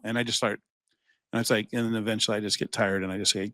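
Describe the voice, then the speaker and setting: A man of middle pitch co-hosts a casual chat show, wandering through anecdotes and acting out what others said. He swears freely and laughs as he goes. His voice sounds close and dry, with no room around it. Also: fast talker, fairly bright tone, no echo. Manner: rambling storyteller, acts out quoted voices, swears, laughs often. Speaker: podcast co-host.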